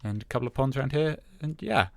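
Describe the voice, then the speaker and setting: Relaxed male let's-play host, medium pitch, halting filler-heavy delivery, dry recording. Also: gravelly, no echo. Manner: hesitant, lots of "uh" and "um" fillers; relaxed, self-talking as he plays. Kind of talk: casual gameplay commentary.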